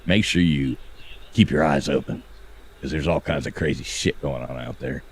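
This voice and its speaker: A man's voice: very deep voice, moderate pace, vocal fry, a little hiss or hum. A man hosting a podcast in casual chat, rambling and profane, often stumbling over his words. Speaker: podcast host.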